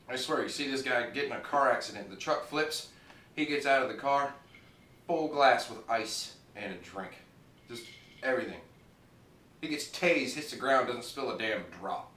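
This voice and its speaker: With a sharp, mid-range voice, this TV show reviewer rambles casually, cursing freely and cracking himself up with his own jokes. The recording sounds echoey, with a distant mic and faint noise.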